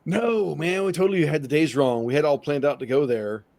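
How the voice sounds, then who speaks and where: A man's voice: on the high side, brisk, a little mellow. A man hosting a casual podcast chat who laughs easily and swears in passing. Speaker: podcast host.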